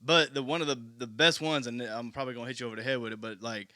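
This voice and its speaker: Bright, animated man telling stories. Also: mid-range voice, very fast, no room sound, clean studio sound. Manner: animated storyteller, laughs while quoting others. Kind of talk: casual chat.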